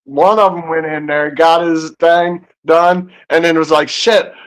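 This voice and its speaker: Man, high voice, rowdy crude storyteller, casual chat. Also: flat delivery, measured pace. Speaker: friend telling a story. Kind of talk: casual banter.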